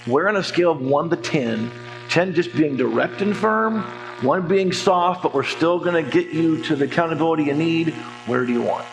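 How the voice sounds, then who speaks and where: A man's voice: a little high, normal speed, creaky, over music. A man in his forties, a financial coach teaching a church class in a conversational way, telling stories and acting out quoted voices with jokes. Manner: lively storyteller, acts out quoted voices, jokes. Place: church hall.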